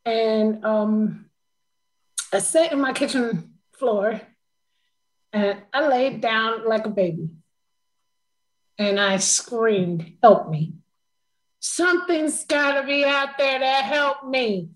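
A woman's voice: fairly high pitch, takes it slowly, long pauses, low-quality recording. A woman talking in a casual conversation, telling a personal story with emotion and frequent laughter.

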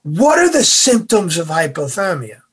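A man voicing a harsh, mocking male drill instructor who gives loud, clipped commands. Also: fairly high pitch, very animated, moderate pace, breathy edge. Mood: barking.

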